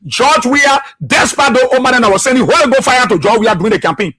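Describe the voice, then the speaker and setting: High, bright, husky Liberian man. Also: expressive, fast. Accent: Liberian English. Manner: impassioned, repetitive, preachy. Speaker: radio talk show host. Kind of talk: political commentary monologue.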